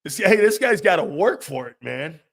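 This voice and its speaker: A man's voice: fairly high pitch, big pitch swings, normal speed, vocal fry, fairly bright tone. A man hosting a sports talk show, ranting in a blunt, profane, mocking way and laughing often. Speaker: host.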